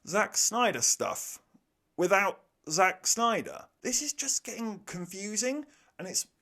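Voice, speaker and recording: A man's voice: high voice, very animated, slow pace, gravelly, bright, forceful tone. A young man giving a sarcastic, exasperated film review rant, swearing freely. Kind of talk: ranting movie review.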